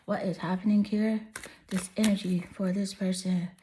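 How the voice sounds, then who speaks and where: A woman's voice: mid-range voice, level tone, normal speed, dark tone, slight background noise. A woman giving a pick-a-card tarot reading to her viewers, talking in a soothing, affirming and chatty way. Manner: soothing, affirming, chatty with "you know" fillers. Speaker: tarot reader.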